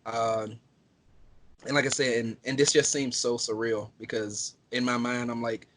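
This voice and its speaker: Halting, earnest man on a podcast. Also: mid-range voice, level tone, fairly bright tone, slight background noise. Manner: halting, full of fillers, earnest. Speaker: podcast co-host. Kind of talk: casual podcast chat.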